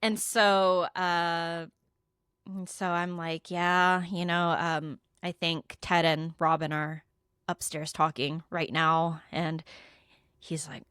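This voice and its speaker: A woman's voice: fairly low pitch, measured pace, a bit bright, clean tone, dry recording, studio quality. A young adult woman co-hosting a podcast, casually telling a story, acting out quotes and swearing freely. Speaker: podcast co-host.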